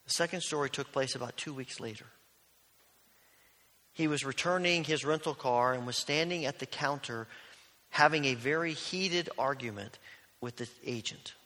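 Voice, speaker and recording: A male pastor preaching a sermon, telling stories earnestly and dropping to a hush on key lines. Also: mid-range voice, normal speed. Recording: long reverb of a large hall.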